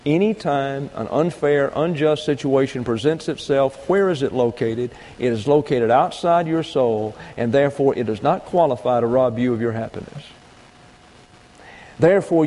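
A man's voice: mid-range voice, mellow, in a large hall, low-quality recording. A man preaching a sermon, teaching point by point and reading out scripture verses. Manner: deliberate teaching with numbered points and read-out verses. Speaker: pastor.

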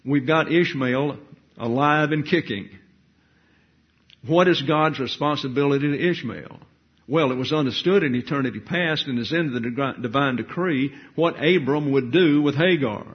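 Male Bible teacher, husky tone, emphatic and deliberate, dull lo-fi recording. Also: a little high. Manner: deliberate, emphatic, reads scripture aloud. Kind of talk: sermon-style Bible study.

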